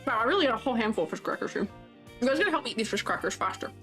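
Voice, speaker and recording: A fairly high-voiced woman streaming live, with a lively voice that bounces up and down as she chats. She giggles often and teases her chat playfully. Soft music plays faintly behind her. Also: very fast. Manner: giggly, chatty, reads viewer comments aloud. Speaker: streamer reviewing avatar designs. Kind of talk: casual live-stream chat while drawing. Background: faint background music.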